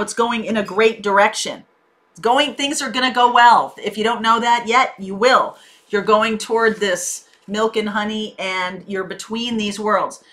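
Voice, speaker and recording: A woman's voice: fairly high pitch, bright, forceful tone. A woman giving a casual tarot reading, conversational and reassuring, with frequent fillers. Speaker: tarot reader.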